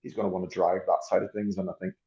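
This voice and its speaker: A man's voice: deep voice, level tone, racing, vocal fry, warm tone, muffled recording. A man who coaches rugby, talking through ideas as a podcast guest, often restarting and repeating words as he thinks. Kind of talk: podcast discussion.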